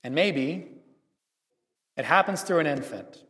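A man giving a Christmas homily as a priest, telling a story earnestly with measured pauses in a church. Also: fairly high pitch, animated, fairly bright tone, slightly rough. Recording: reverberant church hall.

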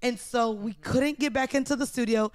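A woman's voice: fairly high pitch, normal speed, no room sound. A woman hosting a podcast in casual chat, brash and profane with a playful edge. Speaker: podcast host.

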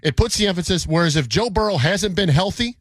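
A man's voice: high voice, lively intonation, fairly quick, no room sound. A man co-hosting sports talk radio, arguing his points emphatically and repeating himself to press them.

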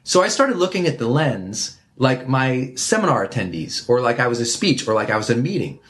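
A man interviewed as a guest, giving emphatic, animated advice and counting off his points one by one. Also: medium pitch, a little fast. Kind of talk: energetic conversational advice.

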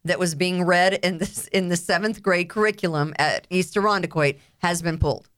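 A woman's voice: lowish voice, normal speed, fairly bright tone, clean tone. Dry skeptical woman co-hosting talk radio. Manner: dry, skeptical, reads listener comments. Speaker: radio talk show co-host.

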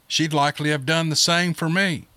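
A man voicing a gruff, coarse-talking country man in an audiobook. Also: on the high side, fairly even intonation, normal speed, sharp tone, no room sound, pitched above the performer's own voice. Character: gruff rural Southern man, crude, outspoken.

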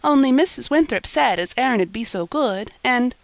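Bright playful young village girl, a woman doing her, high and coaxing, dry close sound. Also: lively intonation, normal speed, gravelly, no room sound, poor audio. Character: lively young village girl, bashful and roguish.

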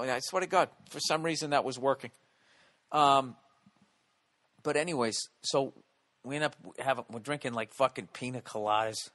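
A man from the States rants his way through stories with a mid-range voice that sits at an ordinary pitch. He is loud and animated, swears freely and keeps checking in with the listener through quick "okay?" and "all right?" asides. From United States. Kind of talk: profane comedic storytelling rant.

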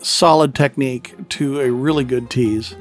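A man's voice: mid-range voice, normal speed, soft background music. A man hosting a podcast interview, enthusiastic and teasing. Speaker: podcast host. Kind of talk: casual interview chat.

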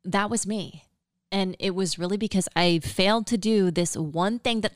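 A woman's voice: mid-range voice, moderate pace, dry recording. Chatty upbeat woman podcaster, dry close sound. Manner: chatty and upbeat, filler-heavy, with valley-girl cadence. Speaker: podcast host. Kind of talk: casual solo podcast monologue.

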